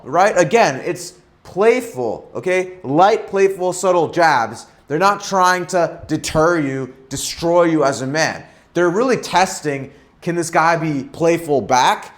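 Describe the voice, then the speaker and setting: A man's voice: on the high side, expressive, a little slow, few pauses. A young man coaching on dating in a casual monologue, often tagging his points with "right?" and "okay?". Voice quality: ends points with "right?" and "okay?" tag questions.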